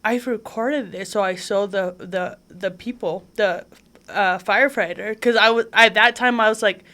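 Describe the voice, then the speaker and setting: A woman guest on an interview show, telling her story in a chatty, animated way, full of "like" fillers. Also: mid-range voice, normal speed. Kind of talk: casual conversational storytelling.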